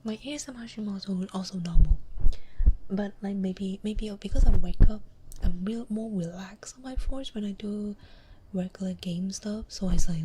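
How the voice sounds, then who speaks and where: A woman ASMR streamer chats to her viewers in a soft, breathy whisper, playful and quick to giggle. Her voice sits close on a binaural mic, and the stream audio carries clear noise and clicks. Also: medium pitch. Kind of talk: whispered casual chat on a live stream. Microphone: binaural and condenser studio mics.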